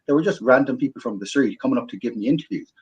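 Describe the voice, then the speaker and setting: A man hosting a talk show, speaking haltingly with many repeated words and "um"s. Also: medium pitch, expressive, darkish tone. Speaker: host. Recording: dull lo-fi audio.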